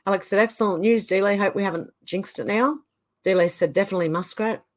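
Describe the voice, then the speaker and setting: A woman's voice: medium pitch, quick pace. A woman with an Australian accent, hosting a livestream and casually reading viewers' chat comments aloud in turn. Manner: casual, chatty, reads names and comments in turn. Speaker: livestream host.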